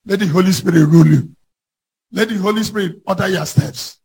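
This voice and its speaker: A man preaching a sermon, reading scripture and rising to shouted emphasis. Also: high voice, a little fast, vocal fry, husky.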